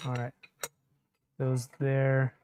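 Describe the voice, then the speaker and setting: A man's voice: mid-range voice, monotone, extremely slow, darkish tone, a little hiss or hum. A man chatting casually on a live stream while he assembles a 3D printer, answering viewer comments as he works. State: a bit shaky from caffeine.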